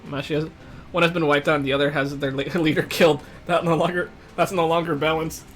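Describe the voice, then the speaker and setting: High-voiced man reading game text. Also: flat delivery, fast, fairly bright tone, soft background music. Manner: reads story text aloud with playful asides; chats with viewers while eating. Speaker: streamer reading game dialogue aloud. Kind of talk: let's-play voicing game text.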